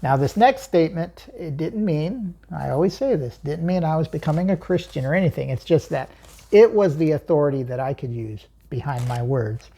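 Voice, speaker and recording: Low husky woman telling her story. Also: animated, moderate pace, dark tone. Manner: emphatic, chuckles often, asks herself questions. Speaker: channel host recounting a personal story. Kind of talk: personal storytelling monologue.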